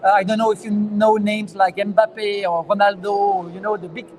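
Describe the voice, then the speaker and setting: A man with a French accent answering interview questions as a founder, earnest and halting with fillers. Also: high voice, flat delivery, a little mellow, low-quality recording. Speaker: startup founder, guest. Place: conference venue.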